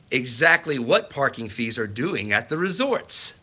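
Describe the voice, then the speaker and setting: A man chats to his viewers on a casual livestream, rambling and restarting his sentences as he goes. His voice is bright and forceful, with a tense, energetic edge. His pitch sits a little high for a man. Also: takes it slowly, long pauses, breathy edge. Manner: rambling, enthusiastic, with many restarts. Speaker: livestream host.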